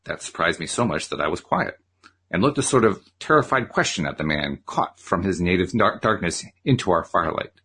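A man reading a novel aloud as host, in an expressive, animated style. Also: deep voice, brisk, slightly rough. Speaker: audiobook reader and podcast host.

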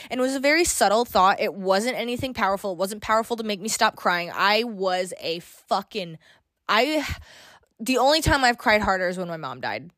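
A woman speaking alone on her podcast, open and confessional as she works through recent feelings, cursing freely. Her voice sits at an ordinary pitch and the recording is close and dry, with no room sound around her. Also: fairly quick, fairly bright tone, dry recording. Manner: emotional, confessional, swearing casually. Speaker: podcast host. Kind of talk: personal monologue podcast.

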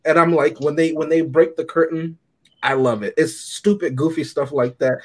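This man's voice sits on the high side, with a steady tone and moderate pace. Co-hosting a podcast, he reviews a movie in easygoing chat, animatedly recounting stories and frequently breaking into laughter.

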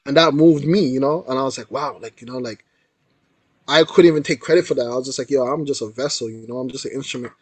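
Young man, animated storyteller, slangy, mid-pitched voice, dry close sound. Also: quick pace, breathy edge, no room sound. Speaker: guest artist. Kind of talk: casual storytelling interview.

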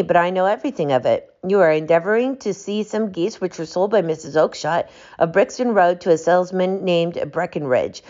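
Woman narrator playing a composed, shrewd male detective, smooth and low-voiced, in a storybook reading. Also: a little mellow, natural voice. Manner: bland, smooth and assured. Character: calm, shrewd gentleman detective, confident and wry. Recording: dull lo-fi audiobook recording.

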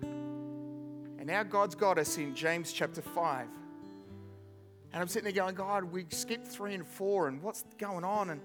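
A man preaching a sermon to his church, animated and self-deprecating, often repeating words as he works through a thought. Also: high-pitched, unhurried, over music. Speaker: pastor. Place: church service.

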